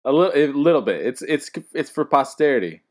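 A man's voice: mid-range voice, very animated, quick pace. A man co-hosting a podcast, easygoing, laughing and explaining things in casual banter. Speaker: podcast co-host.

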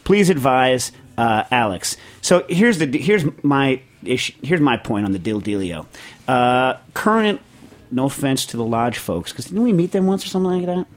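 A man's voice: medium pitch, lively intonation, moderate pace. A middle-aged man hosting a podcast, reading a listener question and rambling through his answer with jokes, fillers and restarts. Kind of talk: casual chat.

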